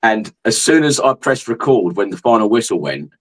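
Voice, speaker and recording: A man's voice: fairly low pitch, big pitch swings, moderate pace, low-quality recording. A man hosting a casual podcast chat, speaking with lots of hesitations and restarts. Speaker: podcast host.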